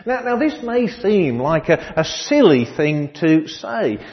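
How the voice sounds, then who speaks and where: A middle-aged man preaching a sermon, measured and dryly humorous, often restarting his phrases. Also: on the high side, very animated, big-room sound, lo-fi sound. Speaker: pastor.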